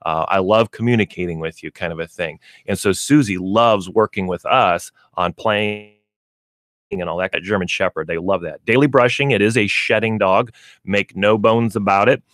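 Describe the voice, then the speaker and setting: A man with a fairly low voice hosts a pet advice radio show, talking in a relaxed, folksy way and now and then acting out little lines for dogs and owners. The sound is dry and close to the mic. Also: moderate pace, no room sound. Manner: folksy, explains with acted dog and owner voices. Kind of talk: casual radio talk on pet training.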